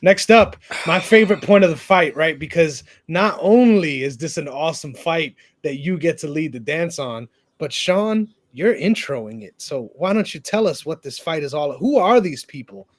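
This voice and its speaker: Young guy hosting a fight podcast, kinda high voice, hyped and teasing, swears a lot. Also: expressive, normal speed, few pauses. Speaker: podcast co-host. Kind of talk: casual sports chat.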